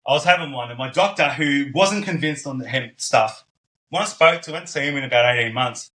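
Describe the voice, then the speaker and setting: A man's voice: mid-range voice, brisk. A man, a podcast guest, telling stories casually and acting out the voices of the people in them. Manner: animated, acts out quoted voices. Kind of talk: casual storytelling.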